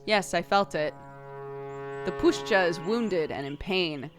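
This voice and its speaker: A woman voicing a calm, bitter man who is a forest-loving mystic, reading game dialogue aloud slowly and evenly. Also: on the low side, over music. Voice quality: calm and measured.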